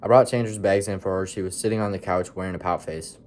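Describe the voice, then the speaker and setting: A man's voice: sits low, steady tone, quick pace, a little mellow. Tired man reading his own book. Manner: mocks his own writing with joking asides. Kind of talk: casual read-aloud of his own story.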